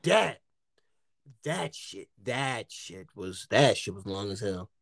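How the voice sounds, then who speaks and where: A man from the United States hosting a casual podcast chat, telling stories in an animated way with lots of slang and swearing and acting out what people said. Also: fairly low pitch, slow, creaky, no echo. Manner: animated storytelling, heavy slang and swearing, acts out quotes. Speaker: podcast host.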